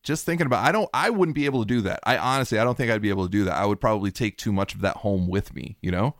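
A man's voice: lowish voice, rapid-fire, dry recording, clean studio sound. A man hosting a podcast, chatting casually and emphatically supporting his guest. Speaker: podcast host. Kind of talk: casual interview chat.

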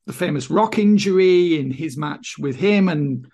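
A man co-hosts a casual wrestling podcast, giving opinionated takes that ramble through lots of "I mean". His voice sits somewhat higher than most men's. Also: expressive, measured pace, a little mellow, husky. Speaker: podcast co-host.

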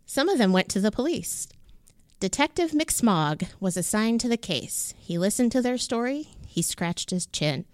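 A woman reading a children's storybook aloud in a clear, expressive way as a show co-host. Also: medium pitch, moderate pace, no echo.

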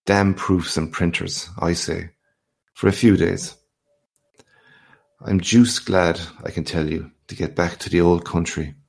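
Boastful hearty newsman read by a man, low gravelly voice, big swaggering talk. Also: a little slow, exaggerated voice. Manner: boisterous, swaggering, lively questions. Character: boastful hearty male journalist back from abroad.

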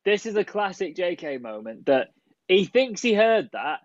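A slightly higher-pitched man speaking into a dull, lo-fi microphone with a very dry sound. He pokes holes in the others' story, incredulous and sweary. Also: very animated, normal speed, no room sound. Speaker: podcast co-host. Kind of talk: casual chat.

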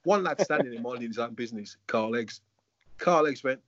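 A man, a former footballer and coach, telling lively anecdotes. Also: medium pitch, brisk, no room sound, lo-fi sound. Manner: animated, acts out quoted voices. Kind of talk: anecdotal storytelling.

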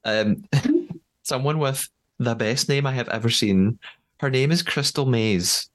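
A man's voice: medium pitch, unhurried. A man hosting a podcast in casual chat, chatty with frequent fillers and easy laughter. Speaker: podcast host.

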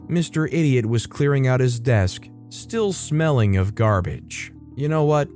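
A man's voice: mid-range voice, a little mellow. A man reading online workplace stories aloud as a narrator, adding wry conversational comments between them. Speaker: story narrator.

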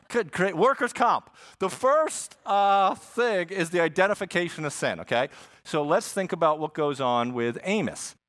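A man preaches a sermon in an animated, joking teaching style. His voice sits a little high for a man. He mixes asides and humor into the lesson. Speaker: pastor.

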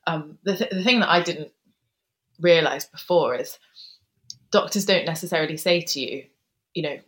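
A woman in her thirties, a guest author telling a personal story in an interview, soft-spoken and hesitant, pausing often with ums. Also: deep voice, poor audio.

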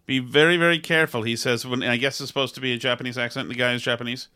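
Bright-voiced sardonic male host. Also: mid-range voice, monotone, racing, clear, resonant tone. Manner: sardonic, restarts often. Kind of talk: casual chat.

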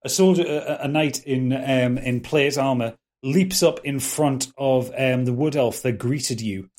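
A man's voice: mid-range voice, steady tone, darkish tone. A man narrating a tabletop game as game master, often restarting and stumbling over words. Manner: halting, many restarts and fillers.

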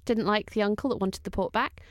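A woman co-hosting a podcast, telling a family story in a lively, animated way. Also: mid-range voice, brisk, no room sound, studio quality. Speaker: podcast co-host. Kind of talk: casual chat, storytelling.

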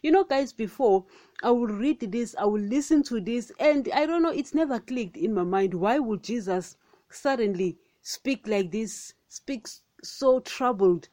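A woman podcast host gives a casual, meandering Bible teaching monologue, full of fillers and rhetorical questions, often calling her listeners "guys." Her fairly high voice is expressive, a little slow, and dark in tone, with no room sound.

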